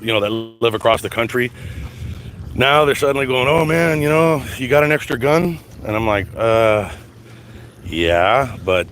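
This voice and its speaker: A middle-aged man from the United States hosting a casual livestream chat, rambling with stammered restarts and casual swearing. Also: medium pitch. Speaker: livestream host reading chat. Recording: steady background noise.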